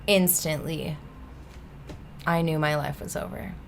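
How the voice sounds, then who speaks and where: A woman guest on a podcast, telling a personal story in an animated way and acting out the people in it. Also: low voice, a little slow, vocal fry, a little hiss or hum. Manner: animated, breaks into laughter, acts out the people in her story.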